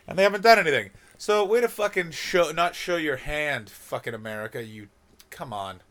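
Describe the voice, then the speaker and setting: A man's voice: mid-range voice, very animated, moderate pace, a bit bright. A man from Canada doing a rambling, profane comic monologue as a podcast host.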